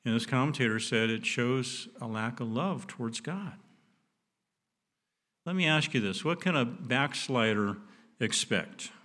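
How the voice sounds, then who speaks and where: A middle-aged man preaching in a plain, mid-pitched voice. He speaks in an earnest, folksy way, restarting phrases as he builds toward a point. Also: unhurried, bright, forceful tone. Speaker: pastor. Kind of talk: sermon.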